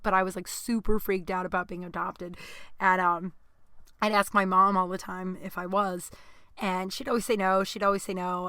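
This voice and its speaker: Young female podcast host, rambling chatty delivery with sudden loud bursts; bright tone, dry recording. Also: medium pitch, no echo. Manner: rambling, jokey, swings between loud outbursts and mumbled asides. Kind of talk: casual solo chat.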